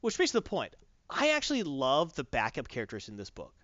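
Chatty guy talking comics, bouncy pitch, dry muffled mic. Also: fairly quick, no echo. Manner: rambling, animated, retells with voices. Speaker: podcast host. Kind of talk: casual comic review chat.

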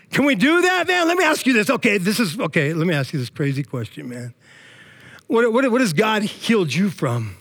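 A middle-aged man preaching an energetic sermon in a church, breaking into shouts of praise and casual slang. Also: sits high. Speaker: pastor.

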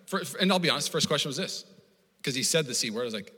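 A man preaching a sermon as pastor, animated and conversational, acting out the voices he quotes, with frequent restarts. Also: on the high side, fast talker, long reverb tail. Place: church auditorium.

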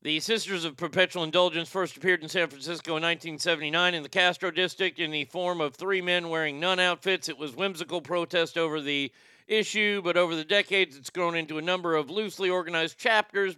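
The host of a casual morning show, this man has a fairly high, bright, forceful voice that's clear and resonant, with fairly even intonation and a slightly quick pace. The studio recording is clean and echo-free as he reads listener messages and rants, cursing liberally.

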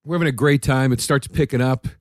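A man in casual conversation, telling a relaxed anecdote with wry asides. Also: medium pitch, quick pace, no echo, clean studio sound. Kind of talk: casual chat.

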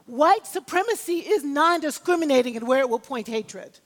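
A woman preaching a sermon in a high, bright voice, her words ringing out with a long reverb in a church sanctuary. She builds her points in emphatic, rhythmic waves and calls on the congregation for amens. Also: animated, normal speed. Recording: long reverb of a large hall.

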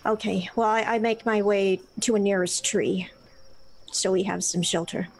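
A woman's voice: mid-range voice, steady tone, normal speed, low-quality recording. A woman playing her character in a tabletop game, hesitant and stammering. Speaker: player.

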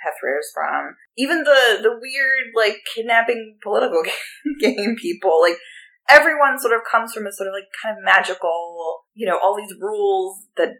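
A woman's voice: mid-range voice, expressive, normal speed, bright, forceful tone, rough recording. A woman co-hosting a podcast, chatting about a book in a rambling way with many fillers. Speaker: podcast co-host. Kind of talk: casual book-club chat.

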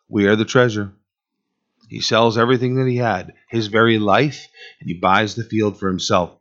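Man, pastor, animated sermon, loud emphasis then soft asides, dull muffled sound. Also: mid-range voice. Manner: animated preaching, swings between loud emphasis and quiet asides.

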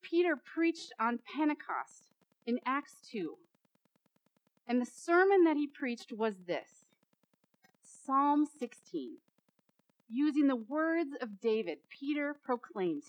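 A woman's voice: high voice, sing-song, slow, dry recording, low-quality recording. A woman preacher giving a dramatic sermon, repeating phrases and building to emphatic peaks.

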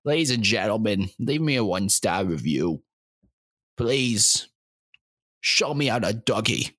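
A man's voice: lowish voice, expressive, unhurried, dry recording, studio quality. A man in his twenties hosting a solo comedy podcast, rambling erratically and mocking himself, with a throat sore from screaming. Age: 20s. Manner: erratic, self-mocking, swings into shouting and silly sing-song bits. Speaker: podcast host.

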